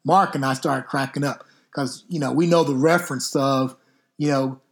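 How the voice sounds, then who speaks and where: A middle-aged man, a football coach hosting a podcast, telling stories casually in an unhurried, drawn-out way with some mild cursing. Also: mid-range voice, steady tone. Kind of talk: casual storytelling.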